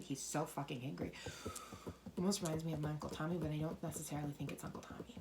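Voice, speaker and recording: Low-voiced woman giving a rambling psychic reading. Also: steady tone, fast talker, noisy background. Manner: rambling, drops into soft whispers; swears freely when relaying messages. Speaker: tarot reader. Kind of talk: psychic coffee-ground reading.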